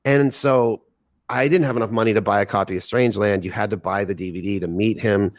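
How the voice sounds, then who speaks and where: A man in his forties, a podcast guest, telling a long story with excitement, swearing casually and acting out what people said. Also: lowish voice, brisk, dry recording, studio quality. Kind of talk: animated storytelling in casual chat.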